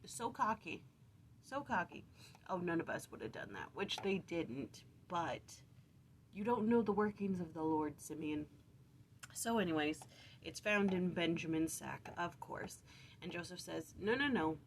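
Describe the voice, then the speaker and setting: A woman's voice: fairly low pitch, expressive, a little slow, a little hiss or hum. A woman leading a casual early-morning scripture study, chatty and self-correcting as she retells the story. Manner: chatty, self-correcting, acts out quotes playfully.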